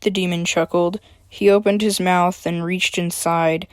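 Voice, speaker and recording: A woman reads her own story aloud, with a chatty, filler-laced introduction before she settles into plain narration. Her voice sits a little low. The sound is dry and close. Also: steady tone, a little slow, no room sound.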